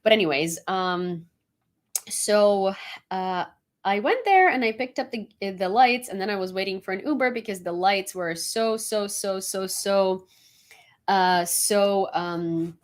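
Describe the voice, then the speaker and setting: Woman, from Ukraine, casual news commentary, frank, opinionated, mid-pitched voice. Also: animated, a little slow.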